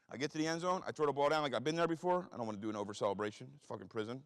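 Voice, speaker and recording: A man's voice: mid-range voice, expressive. A man in his forties with an East Coast accent, telling blunt, heavily profane stories as a guest speaker. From Philadelphia. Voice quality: blunt, heavily profane, rapid street talk. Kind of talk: storytelling talk. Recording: reverberant hall.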